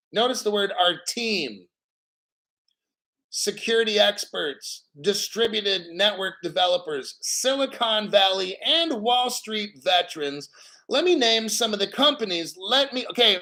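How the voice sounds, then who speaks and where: A man with a high, sharp voice hosts a crypto livestream. He rants in a heated way, firing rhetorical questions and swearing often. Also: rough recording. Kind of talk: ranting livestream commentary.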